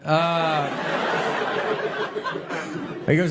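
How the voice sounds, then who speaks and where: A man in his forties doing stand-up comedy in a slow, deadpan storytelling way. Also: on the high side. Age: 40s. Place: live stage with audience laughing. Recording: live show with crowd laughter and noise.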